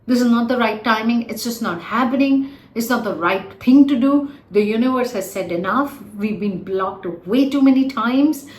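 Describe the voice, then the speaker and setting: A woman's voice: a little high, normal speed, echoey room. A woman giving a chatty zodiac forecast as a tarot reader, laughing often and talking straight to the viewer.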